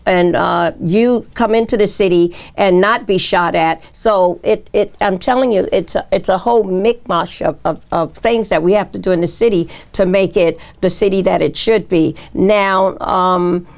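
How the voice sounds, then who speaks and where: A woman answering as a candidate at a forum, talking in a halting way with many fillers and restarts. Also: medium pitch, creaky, a little mellow. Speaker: mayoral candidate.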